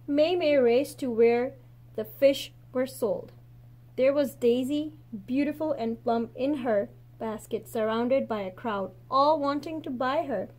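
A woman teacher reading a picture book aloud expressively, slowing and softening at the gentle endings. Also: high-pitched.

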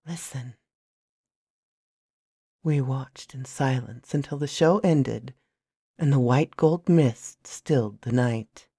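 A woman with a low, expressive voice reads a novel aloud in the first person. She keeps a soft, hushed delivery and takes her time. The recording is dry and close to the mic. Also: slow pace, slightly rough, no echo. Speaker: storyteller.

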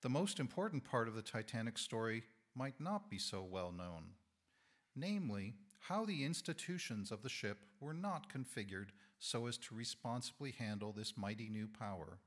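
A man with a hoarse, fading voice giving a thoughtful lay sermon in a church, measured and correcting himself now and then. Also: mid-range voice, lively intonation. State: hoarse, losing his voice. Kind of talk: reflective sermon talk. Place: church sanctuary.

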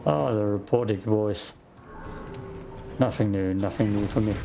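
A man's voice: on the low side, a little slow, vocal fry, music in the background. A man giving laid-back let's play commentary over a game, musing as he plays. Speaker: gaming YouTuber. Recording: faint background noise.

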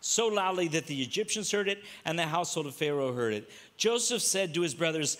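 A man preaching a sermon in a high, bright voice. He slips into quoted voices and stacks rhetorical questions with dramatic emphasis. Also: expressive, brisk, few pauses. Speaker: pastor.

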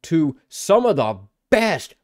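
A man's voice: fairly high pitch, big pitch swings, takes it slowly, darkish tone, no echo, studio quality. A man reviewing a show in a mock rant, swearing constantly with a sarcastic edge. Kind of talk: profanity-laden mock rant.

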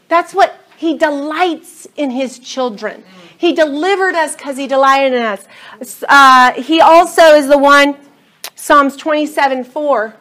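A woman leads a Bible study in a high, bright-toned voice. She teaches with animated, emphatic storytelling and reads scripture with feeling. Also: a little slow.

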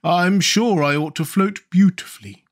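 A man voicing a slow, gentle pumpkin-headed man in a storybook reading. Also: sits high, voice pushed up. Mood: pleasant.

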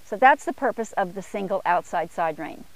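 A woman horse trainer explaining longeing technique between short commands to a horse, her voice rising in pitch for upward gaits. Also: expressive, moderate pace, no echo. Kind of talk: instructional demo while longeing a horse. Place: outdoor arena corner.

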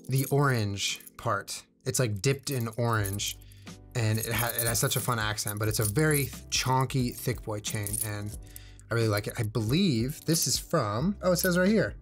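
Rambling young man chatting casually. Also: medium pitch. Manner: rambling and self-deprecating, jokey asides. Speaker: streamer showing his jewelry. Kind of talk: casual vlog chat. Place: indoors at home, on camera.

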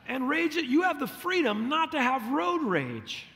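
A man's voice: very high-pitched, very animated, measured pace, pushed and bright. A middle-aged man preaching a sermon as a pastor, telling stories with animation and acting out the lines he quotes. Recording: long hall reverb.

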